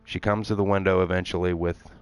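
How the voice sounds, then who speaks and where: A man's voice: deep voice, flat delivery, fast talker, smooth. A man streaming, telling a long story in a casual, exasperated way and acting out both sides of the conversation.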